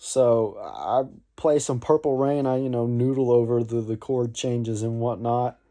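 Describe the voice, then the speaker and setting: A man's voice: medium pitch, a little slow, dark tone. A young man from North Florida, telling a rambling, laid-back story about playing saxophone. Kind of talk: casual storytelling vlog.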